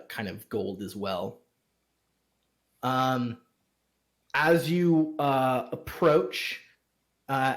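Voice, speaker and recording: A man narrating a tabletop game as game master, halting and stopping often to search for words. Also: mid-range voice, fairly bright tone. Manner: halting, full of fillers.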